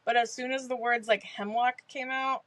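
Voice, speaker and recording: A woman's voice: on the high side, steady tone, moderate pace, over a noisy crowd. A woman co-hosting a podcast, chatting casually with frequent laughs. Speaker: podcast co-host. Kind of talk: casual chat, book discussion.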